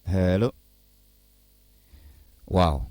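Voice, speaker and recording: A man with a Ghanaian accent hosting morning radio in a studio, talking in a hesitant, lively way mixing Twi and English. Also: low voice, extremely slow. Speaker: radio show host. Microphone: studio mic.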